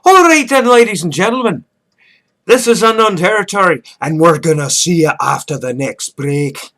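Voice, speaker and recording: A man's voice: sits high, animated, normal speed, pushed and bright, voice pushed up, exaggerated voice. A man voicing a hammy, exaggerated Scottish-accented show announcer in an over-the-top delivery. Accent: put-on Scottish.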